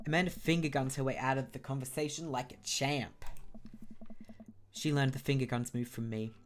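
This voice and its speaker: A woman's voice: rumbling low, fairly even intonation, normal speed, slight background noise. A woman with an Australian accent reading a video game aloud, with wry asides. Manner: wry asides, reads all parts. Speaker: game streamer.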